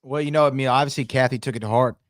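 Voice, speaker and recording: A man's voice: mid-range voice, steady tone, racing, no room sound. Man co-hosting a podcast in a dry room. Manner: conversational, introduces clips with fillers. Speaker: podcast co-host. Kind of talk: casual chat.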